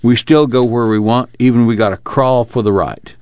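A man's voice: mid-range voice, fairly even intonation, moderate pace, darkish tone, no room sound, pitched above the performer's own voice, lightly acted. A man reading the part of a tense young farmhand in a drawl, clipped and strained. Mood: defiant. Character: tense young farmhand son, fighting his temper. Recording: dry, slightly muffled studio recording.

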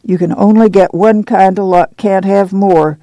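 A man's voice: high-pitched, steady tone, unhurried, mellow, dry recording. A man voicing a fierce, pious, stocky older woman with a who scolds and preaches warnings. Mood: scolding.

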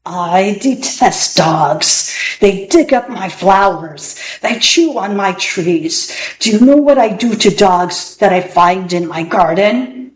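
A woman voicing a menacing old male magician who speaks slowly in a low growl, recorded in an echoey room. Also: lively intonation. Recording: echoey room, faint ambience.

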